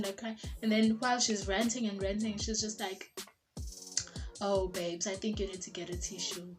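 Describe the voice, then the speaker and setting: A young South African woman telling a casual storytime, chatty and animated, slipping in isiZulu phrases and lots of "like". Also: medium pitch. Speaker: vlogger. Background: background music.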